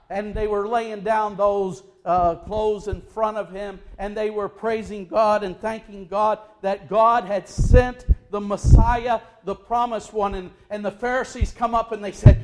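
High-voiced preaching man, impassioned. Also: little pitch movement, unhurried, hardly any pauses. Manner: impassioned preaching with sudden loud and soft swings. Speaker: pastor. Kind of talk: sermon.

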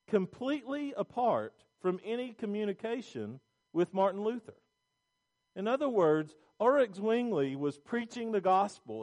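A man's voice: sits high, darkish tone. A middle-aged male pastor preaching a sermon, emphatic and repetitive, with restarts.

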